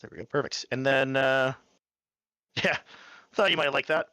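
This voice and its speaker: A man's voice: mid-range voice, steady tone, normal speed, sharp tone, smooth, no echo. A man playing in a tabletop game, speaking casually and courteously. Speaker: player.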